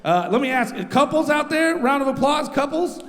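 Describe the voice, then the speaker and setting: High-voiced man doing loud stand-up. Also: animated, moderate pace, slight background noise. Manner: loud, crowd-rousing, rambling. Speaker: radio show host doing stand-up. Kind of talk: stand-up comedy. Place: live stage in a large venue. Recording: long reverb of live venue.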